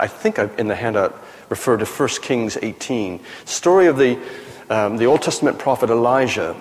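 A man, a pastor, teaching a session in a conversational style with frequent fillers and self-corrections. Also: fairly low pitch. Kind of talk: teaching sermon. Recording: long hall reverb.

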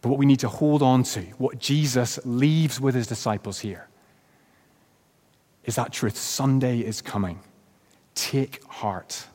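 A man's voice: mid-range voice, a little slow, pauses often. A man preaching a sermon as pastor, then leading a closing prayer. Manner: reads a story aloud with rising, shouted quotes. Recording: long reverb of a church hall.

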